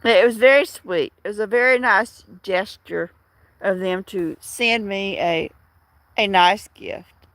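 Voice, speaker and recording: A middle-aged woman talks casually to her livestream viewers from home, wandering from story to story with frequent restarts. Her voice has a gravelly fry to it, and the sound is close and dry with no room echo. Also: mid-range voice, takes it slowly, fairly bright tone. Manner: rambling, chatty storytelling with many restarts. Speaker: livestream host.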